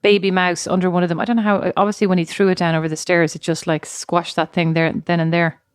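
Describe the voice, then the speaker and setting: A woman's voice: lowish voice, level tone, quick pace, smooth, no echo, studio quality. An Irish woman co-hosting a podcast, chatting casually and telling stories, acting out other people's voices. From Ireland. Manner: chatty storyteller, acts out quoted voices. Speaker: podcast co-host. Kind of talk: casual chat.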